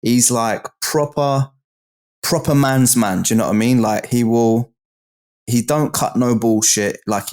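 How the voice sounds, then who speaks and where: A man's voice: mid-range voice, a little slow, a little mellow. A man with a British accent, a guest in an interview, telling stories in a casual, slang-heavy way and often asking "do you know what I mean". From United Kingdom.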